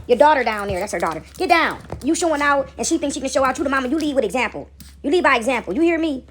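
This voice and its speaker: A woman preaching casually on a home video, animated and slangy, swearing freely and often laughing. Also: high-pitched, rapid-fire, a little hiss or hum. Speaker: spiritual video creator and mother. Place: home, seated with dogs nearby.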